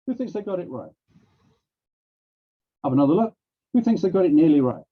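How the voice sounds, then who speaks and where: A man, a language teacher, giving a workshop presentation over a video call. He acts out classroom prompts, and his voice leaps up and down as he demonstrates. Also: a little fast. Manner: animated, acts out classroom prompts with big pitch swings. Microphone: video call microphone. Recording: dull, lo-fi video call audio.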